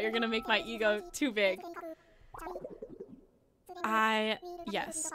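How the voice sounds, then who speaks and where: With game music and some background noise behind her, a young streamer talks in a slightly high voice, unhurried and pausing often. She chats casually while playing, giggly and rambling, teasing herself along the way.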